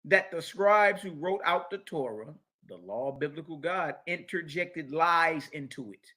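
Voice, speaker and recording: Man, high voice, scripture lecture, taunting, slangy, repeats himself for emphasis. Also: measured pace, sharp tone. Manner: mocking, confrontational, slangy; repeats key phrases for emphasis. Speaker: religious teacher.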